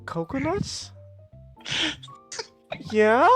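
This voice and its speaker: A woman's voice: high voice, very animated, very slow, soft background music. A woman co-hosting a podcast in casual chat, flustered and defensive, stumbling over many restarts. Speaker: podcast co-host.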